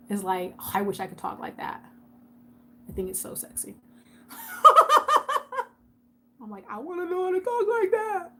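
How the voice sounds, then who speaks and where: A woman's voice: on the high side, fairly bright tone, slight background noise. Chatty woman on a casual live stream. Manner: chatty, addresses viewers by name, repeats herself for emphasis. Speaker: YouTube host on a livestream.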